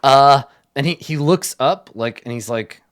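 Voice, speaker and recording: A man's voice: mid-range voice, unhurried. Male game master, mid-range voice, loose rambling narration. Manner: rambling, with many fillers and restarts.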